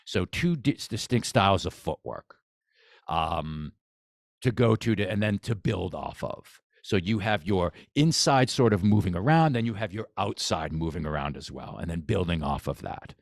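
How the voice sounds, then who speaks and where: A man's voice: deep voice, expressive, moderate pace, gravelly, no room sound, studio quality. A man, a boxing coach talking as a podcast guest, eager and repetitive, restarting his sentences often. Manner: enthusiastic, repeats phrases, many restarts. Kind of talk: casual podcast conversation.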